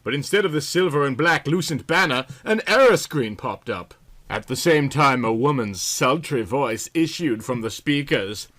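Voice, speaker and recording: A man's voice: medium pitch, lively intonation, normal speed, a bit bright. A man giving a comedic reading of a novel, with a dry, mock-serious delivery. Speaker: reader.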